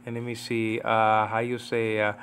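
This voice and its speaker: A man from New York teaching a casual Greek Bible lesson at home, rambling and slowly repeating Greek words. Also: lowish voice, monotone, fairly bright tone, a little hiss or hum.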